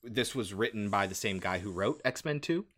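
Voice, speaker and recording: A man's voice: on the low side, animated, normal speed, fairly bright tone. A man co-hosting a casual chat, explaining things and adding film trivia.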